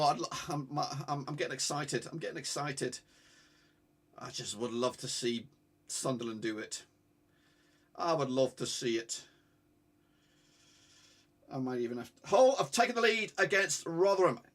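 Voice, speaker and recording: A man calls a football match live for his stream, swinging from muttered asides to excited shouts and swearing freely. His voice sits high for a man and sounds bright and sharp. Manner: excitable, swears, urges viewers to like. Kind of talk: live watch-along commentary.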